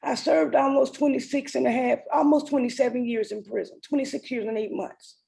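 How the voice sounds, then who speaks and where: Gravelly high-voiced woman telling her story. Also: fairly even intonation, a little fast, warm tone, low-quality recording. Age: 40s. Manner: earnest, emotional storytelling. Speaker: summit speaker. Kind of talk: personal testimony.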